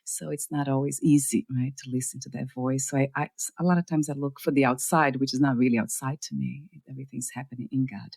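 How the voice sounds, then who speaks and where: A woman hosting a podcast, speaking gently and affirmingly, often answering with soft yeses. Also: rumbling low, steady tone, quick pace, vocal fry, hardly any pauses, no room sound. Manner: gentle, affirming, spiritual phrasing with many yeses. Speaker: podcast host. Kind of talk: interview conversation.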